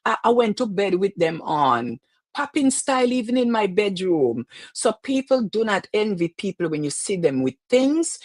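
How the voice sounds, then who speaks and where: A woman's voice: on the high side, no room sound. A woman hosting a casual livestream show, chatting and preaching to viewers and greeting them by name. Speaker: host of a live-streamed talk show. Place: lives in New York.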